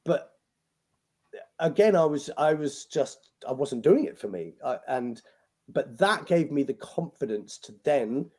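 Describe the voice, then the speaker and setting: A British man, a magician and compere, telling stories as a podcast guest in a lively way, swearing and acting out what people said. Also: a little high, unhurried. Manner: animated, swears freely, acts out quoted lines. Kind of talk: anecdotal storytelling interview.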